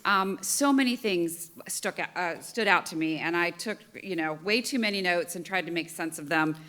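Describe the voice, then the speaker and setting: A woman's voice: on the low side, normal speed, pushed and bright. A woman program officer gives recap remarks on an auditorium stage. She speaks hesitantly with frequent ums and moves through her points like a list.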